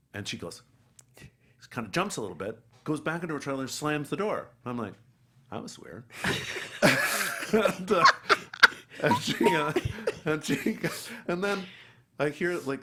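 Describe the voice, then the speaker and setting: A middle-aged man, an actor guest, telling an animated story and acting out the people in it. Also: medium pitch. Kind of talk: anecdotal storytelling.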